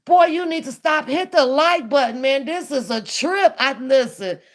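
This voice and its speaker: Blunt, animated woman reacting to a clip. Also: high voice, normal speed. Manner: animated, blunt, profane, laughs often. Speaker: reaction channel host. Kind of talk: casual reaction commentary.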